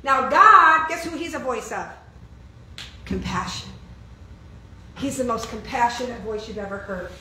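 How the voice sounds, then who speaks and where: High bright woman preaching in echoey room. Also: animated, unhurried, long pauses, slight background noise. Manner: questions and answers with the audience, emphatic. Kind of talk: informal sermon to a congregation. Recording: echoey room, heard from far off.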